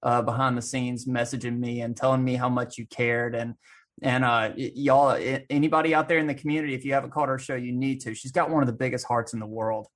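A man's voice: medium pitch, fairly even intonation, quick pace. A man in his thirties with a Southern American accent, earnestly chatting on a stream panel. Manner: earnest, storytelling with quoted voices. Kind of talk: casual chat.

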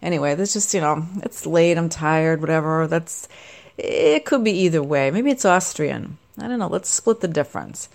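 Middle-aged lady rambling to camera, lowish voice that bounces all over, chatty and self-mocking. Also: lively intonation, moderate pace, gravelly, a little mellow. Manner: chatty, self-deprecating, wandering asides. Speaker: vlogger. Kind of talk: casual rambling monologue.

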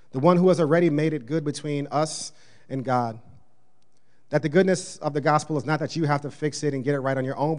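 A man's voice: on the high side, darkish tone. A man preaching a sermon as a pastor, earnest and conversational, with casual slang and fillers.

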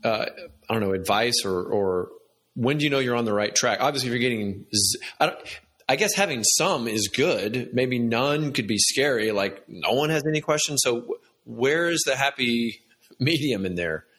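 A man's voice: mid-range voice, animated, moderate pace, fairly bright tone, breathy edge. A man hosting a business interview, asking rambling, hesitant questions. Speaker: podcast host.

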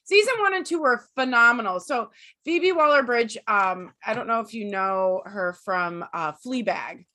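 A woman's voice: fairly high pitch, normal speed, sharp tone. A woman co-hosting a casual podcast chat, swearing freely as she rants heatedly. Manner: heated, swears a lot, ranting. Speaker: podcast co-host.

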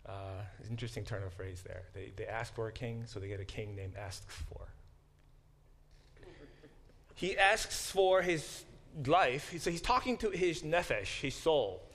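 A male biblical studies professor lectures in a mid-range, slightly bright voice with lively intonation, against a little hiss or hum. He stops to unpack Hebrew vocabulary and dramatizes quoted speech.

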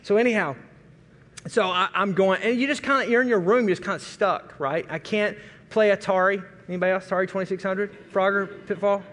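A middle-aged man from Arkansas preaching a sermon, telling a folksy, animated story and acting out family voices. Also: high-pitched, brisk. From Arkansas, USA. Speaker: pastor. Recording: long reverb of a large hall.

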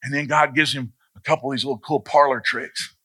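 A man's voice: mid-range voice, fairly even intonation, a little fast, pushed and bright, slightly rough. A man, preaching a sermon and telling stories as a pastor. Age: 40s. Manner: storytelling, acts out voices in anecdotes.

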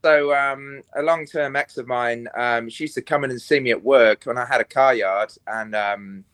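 A man's voice: medium pitch, fairly even intonation, moderate pace, fairly bright tone, no room sound. A young man, a podcast guest on a remote call, telling rambling, crude stories in casual chat with lots of fillers.

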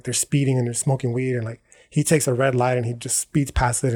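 His darkish, medium-pitched voice stays fairly even at a moderate pace. Hosting a podcast, he wanders through a slangy, profane monologue, self-correcting and checking in with "right?" and "dog."

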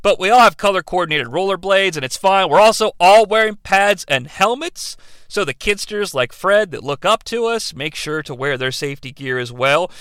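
A man's voice: sits high, animated, normal speed, a bit bright, smooth, no echo. A man hosting a comedic movie review, sarcastic, profane and mocking. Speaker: host.

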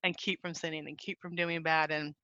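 A woman guest speaking earnestly and warmly about her faith in a casual podcast chat, often saying "like". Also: sits low, little pitch movement, fairly quick, muffled recording. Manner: earnest, heartfelt, says "like" often. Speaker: guest author.

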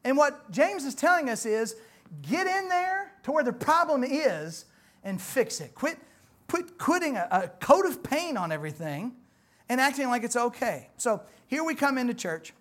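A man, preaching a sermon in church in a folksy, conversational way that swells louder on emphatic points. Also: extremely high pitch, big pitch swings, moderate pace. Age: 40s. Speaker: pastor.

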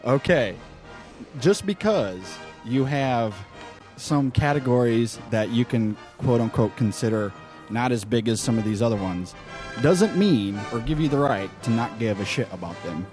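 A man's voice: mid-range voice, expressive, unhurried, darkish tone, soft background music. A man hosting a film podcast, ranting with heavy profanity and exasperation. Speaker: podcast host.

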